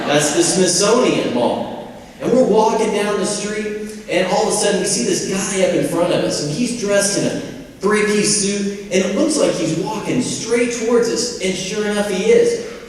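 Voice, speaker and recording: A man's voice: a little high, darkish tone. A man in his forties from Indiana giving a folksy, humorous motivational speech as a convocation speaker. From Indiana, USA. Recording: echoey hall from far off.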